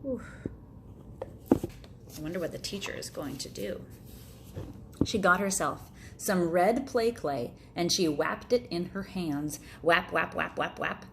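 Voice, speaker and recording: A woman reads a picture book aloud to children at an unhurried pace. Her pitch bounces lively as she acts out the sound effects with relish. A faint hiss sits in the background. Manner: playful, animated sound effects. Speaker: storyteller for children. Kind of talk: storybook read-aloud.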